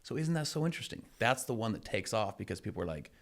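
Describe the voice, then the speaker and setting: A middle-aged man hosting a podcast, chatting casually and telling stories with lively acted-out quotes. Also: fairly low pitch, quick pace, vocal fry. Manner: energetic, acts out quoted voices in anecdotes. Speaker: podcast host. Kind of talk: casual chat, storytelling.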